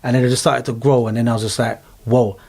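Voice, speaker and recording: A man's voice: mid-range voice, racing, gravelly, husky. A middle-aged man, animatedly telling his personal story as an interview guest in casual chat. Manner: animated storyteller, London slang.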